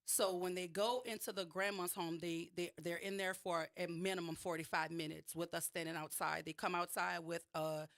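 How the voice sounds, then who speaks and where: A woman's voice: fairly low pitch, fairly even intonation, normal speed, hardly any pauses, fairly bright tone. Emphatic woman with a New Orleans accent. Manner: emphatic storyteller, frequent restarts. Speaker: guest. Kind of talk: radio interview, personal account.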